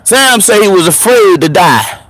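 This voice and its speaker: A man in his thirties telling a story in a casual, profane monologue, laughing often and swinging between preacher-like highs and murmurs. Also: expressive, a little slow, fairly bright tone, a little hiss or hum. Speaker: show host.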